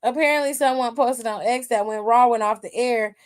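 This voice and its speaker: A woman hosting a casual commentary stream, sassy and profane, with frequent laughter. Her voice sits a little high. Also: fairly quick. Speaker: wrestling aftershow host.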